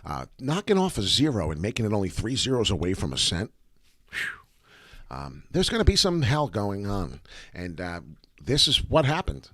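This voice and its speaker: A man hosting a casual livestream of crypto chart commentary, rambling and swearing freely, with a slightly raspy voice this morning. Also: on the low side, huge pitch swings, moderate pace, fairly bright tone, dry recording, studio quality. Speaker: crypto chart analyst host.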